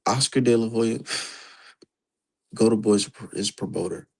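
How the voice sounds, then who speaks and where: A man's voice: lowish voice, a little slow, creaky, poor audio. A man streaming live, giving casual, profane commentary and talking straight to his chat. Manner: profane, animated, talks to chat.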